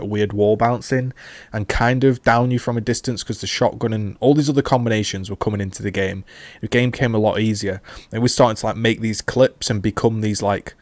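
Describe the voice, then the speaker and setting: A man looks back on his gaming days in a loose, rambling way, full of fillers and restarts. His voice is on the low side, recorded dry and close with almost no room sound. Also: no room sound. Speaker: gaming YouTuber. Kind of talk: casual retrospective commentary.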